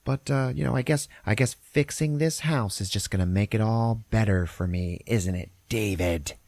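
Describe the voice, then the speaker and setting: A man's voice: fairly low pitch, moderate pace, darkish tone, no echo, pitched above the performer's own voice, natural voice. A man voicing a drunk, grieving wife who rambles bitterly and breaks down, in a dry close sound. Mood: shrill bitter. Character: drunk grieving wife lashing out, adult woman.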